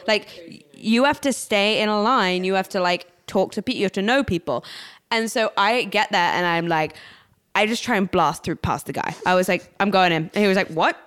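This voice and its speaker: A woman's voice: mid-range voice, fairly quick, clear, resonant tone. A woman co-hosting a podcast, telling a story in casual chat, acting out quotes and swearing freely. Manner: animated, swears, acts out quotes. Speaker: podcast co-host.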